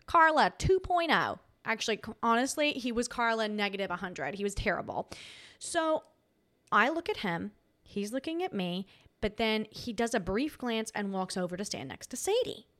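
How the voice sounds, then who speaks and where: A woman hosting a podcast, telling a personal story in an animated, dramatic way and acting out quoted voices. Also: on the high side, moderate pace. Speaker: podcast host. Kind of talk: casual storytelling.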